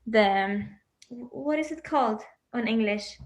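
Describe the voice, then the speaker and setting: A woman's voice: fairly high pitch, measured pace. A woman speaking as an interview guest from home on a video call, dreamy and searching for words, laughing often.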